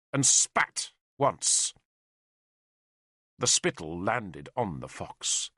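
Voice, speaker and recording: Slow bright male audiobook narrator. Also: mid-range voice, sing-song, no room sound, clean studio sound. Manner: dramatic, measured storytelling.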